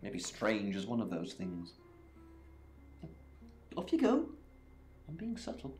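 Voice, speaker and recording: A brusque male police chief in a video game, barking short orders. His pitch swings widely as he speaks. Faint music plays underneath. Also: wildly swooping pitch, takes it slowly, darkish tone, heavily acted. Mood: commanding.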